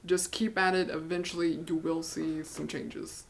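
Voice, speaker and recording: A man's voice: fairly high pitch, flat delivery, moderate pace, gravelly. A man co-hosting a podcast in casual chat, easygoing and dry, with light laughs. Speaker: podcast co-host.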